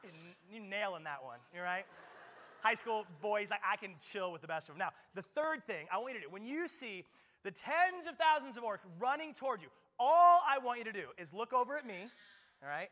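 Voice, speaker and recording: A male pastor preaching a lively sermon at a church service, playful and joking with frequent quick restarts. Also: sits high. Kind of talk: lively sermon with audience play.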